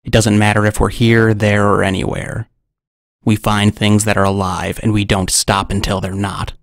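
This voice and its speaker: A man voicing an angry, vengeful male man-eating lion in a storybook narration, speaking in a gruff, menacing growl. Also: on the low side, level tone, moderate pace, no room sound, studio quality.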